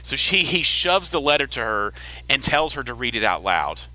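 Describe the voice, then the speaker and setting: Very bright-voiced man recapping a show. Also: medium pitch, big pitch swings, normal speed, low-quality recording. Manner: chatty storyteller who laughs often and restarts sentences. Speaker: podcast host. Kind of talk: casual episode recap.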